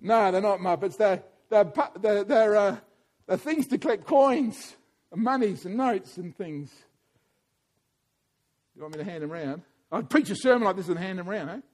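A man preaching a sermon in a church, animated and playful, often putting questions to the congregation. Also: sits high, normal speed.

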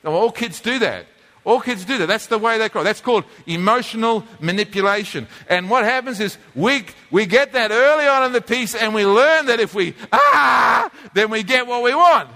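A man's voice: sits high, a little fast, pushed and bright. A man, preaching a conversational teaching sermon from a drawing board, often repeating and restarting his words. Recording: long reverb of a church hall.

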